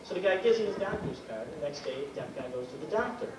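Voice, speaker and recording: A man's voice: fairly high pitch, lively intonation, quick pace. A young man in his late teens emceeing a school variety show, telling a joke and acting out the voices in it. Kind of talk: stage comedy banter and joke telling. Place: school auditorium stage. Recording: echoey hall from far off, noisy.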